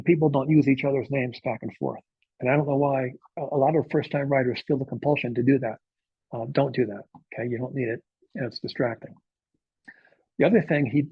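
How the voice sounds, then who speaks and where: Man, novelist lecturing a writers' group, husky voice, dry dull lo-fi sound. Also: mid-range voice, no echo. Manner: conversational, frequent filler uhs, checks in with "okay?". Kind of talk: informal workshop lecture.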